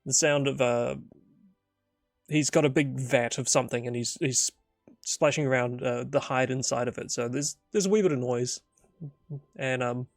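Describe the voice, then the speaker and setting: Gravelly man narrating a solo tabletop game. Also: medium pitch, dry recording, studio quality. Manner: rambling, thinking aloud with many fillers.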